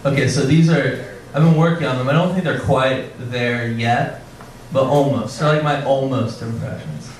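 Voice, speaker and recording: A man doing a stand-up set, awkward and self-deprecating, halting with frequent ums. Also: mid-range voice, steady tone, a little hiss or hum. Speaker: stand-up comedian. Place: comedy club stage. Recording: roomy club sound from a distance with audience. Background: audience laughter.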